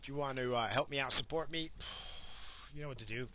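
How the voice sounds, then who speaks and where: A man's voice: mid-range voice, a little fast, sharp tone, a little hiss or hum, low-quality recording. A man in his forties hosting his own podcast, rambling and swearing through a casual rant. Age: 40s. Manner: profane, rambling, ranting. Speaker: podcast host.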